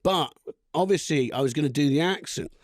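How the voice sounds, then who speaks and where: A man's voice: a little high, fairly quick, a little hiss or hum. A male comedian guest telling rambling stories in a casual podcast chat, laughing often.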